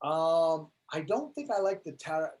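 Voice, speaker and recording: Pitched a little above the typical male range and speaking at a moderate pace, this American guest comedian tells stories energetically in a casual interview. He slips into voices for the people in his anecdotes, keeping his delivery loose, chatty and built around the punchline.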